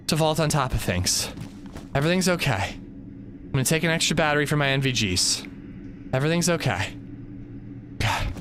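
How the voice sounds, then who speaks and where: A man's voice: medium pitch, sharp tone, a little hiss or hum. A man streaming a game live, nervously talking himself through a tense climb. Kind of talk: live gameplay commentary.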